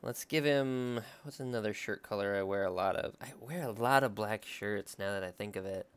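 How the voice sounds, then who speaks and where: A man's voice: lowish voice, normal speed, clean tone. A young man chatting casually and thinking aloud as he draws for his vlog. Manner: relaxed, rambling, thinking aloud. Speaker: drawing vlogger. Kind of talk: casual chat while drawing.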